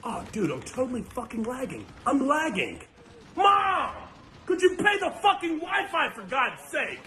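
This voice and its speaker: A man acting out a furious young gamer in a comedy skit, his voice sitting high and swinging wildly as he yells and curses. The tone is bright and sharp, and his rage keeps boiling over at his mother. A faint hiss of noise sits under the clip. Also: big pitch swings, a little slow, full character voice. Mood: raging. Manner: yelling, cursing, swearing at his mother. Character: young male online gamer, raging and foul-mouthed.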